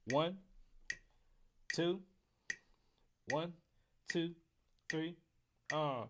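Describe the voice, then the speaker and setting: A man's voice: a little high, drawn-out words, crowd noise. An American man teaching trumpet scales on a live stream, casual and joking with the chat. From United States. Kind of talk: live-streamed music lesson.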